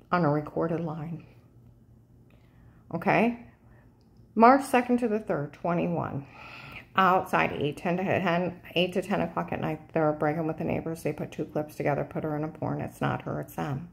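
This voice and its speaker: A woman in an insistent, urgent monologue to the camera, often checking in with "okay?", her pitch jumping up sharply when agitated. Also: normal speed, vocal fry, pauses often. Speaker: vlogger.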